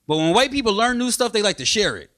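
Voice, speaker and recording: A man from Brooklyn, doing a stand-up comedy set on a club stage with punchy, animated delivery. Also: high-pitched, fast. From Brooklyn, New York.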